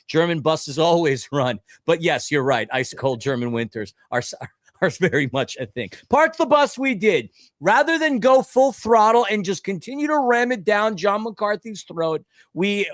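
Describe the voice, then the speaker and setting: A man's voice: high-pitched, a bit bright, dry recording, studio quality. A man co-hosting a casual sports podcast, rambling and ranting, often stumbling over his words. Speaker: podcast co-host.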